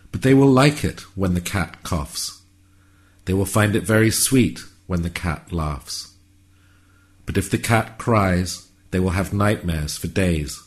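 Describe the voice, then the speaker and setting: A man narrating a whimsical story in a calm, measured, wry way. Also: low-pitched.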